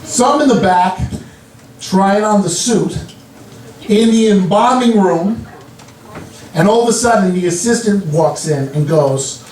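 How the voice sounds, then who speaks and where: A man from Long Island telling stories in a stand-up comedy set, with deadpan delivery and quick asides. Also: sits high, a little hiss or hum. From Long Island, New York. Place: comedy club stage. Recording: roomy club sound from a distance. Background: audience laughter.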